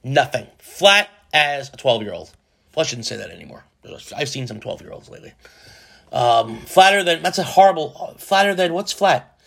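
A man's voice: on the high side, expressive, moderate pace, vocal fry, fairly bright tone. A man, hosting a casual solo podcast and rambling jokily, with a lot of profanity and restarts. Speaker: podcast host.

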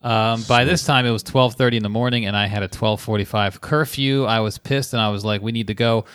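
A man's voice: on the low side, fairly even intonation, a little fast, a bit bright, smooth, no room sound, clean studio sound. A man co-hosting a casual podcast, reading a listener's letter and a medical web page aloud with a laugh in his voice.

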